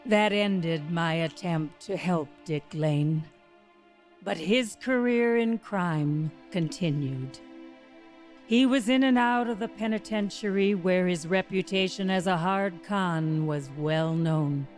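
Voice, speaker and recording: A woman narrating a true dramatization in a measured, grave storytelling voice. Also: fairly low pitch, faint music behind. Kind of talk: scripted narration.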